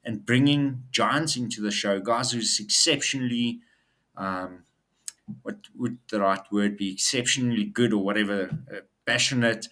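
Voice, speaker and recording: A man's voice: lowish voice, normal speed, pushed and bright. A man co-hosting a casual business chat show, upbeat and talking in loose run-on sentences with fillers. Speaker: co-host.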